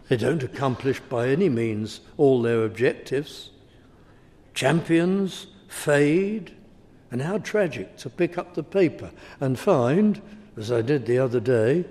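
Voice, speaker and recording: A man's voice: mid-range voice, darkish tone. A man preaching a sermon, speaking emphatically and returning again and again to a repeated refrain. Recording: reverberant hall.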